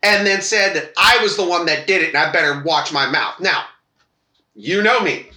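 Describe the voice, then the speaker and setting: A man's voice: fairly high pitch, normal speed, sharp tone, echoey room. A man on a casual podcast telling a long personal story, acting out quoted voices and swearing freely. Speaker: podcast co-host.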